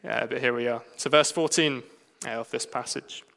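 An English man delivers a sermon in a halting cadence, breaking his phrases with frequent "uh" fillers. His voice is bright and gravelly, with little rise and fall. A long reverb trails behind him, as in a large hall. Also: medium pitch, steady tone. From England. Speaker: preacher.

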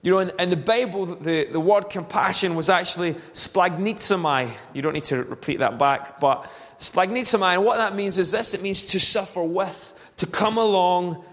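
Male pastor, high voice, earnest storyteller who restarts phrases, church hall with long reverb. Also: normal speed, a bit bright. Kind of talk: sermon.

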